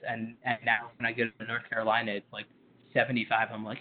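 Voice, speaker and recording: A podcast co-host rambles through casual chat, packing his speech with filler words. His medium-pitched voice sounds flat and moves at a normal speed. The line is tinny and phone-like, with a little hiss or hum.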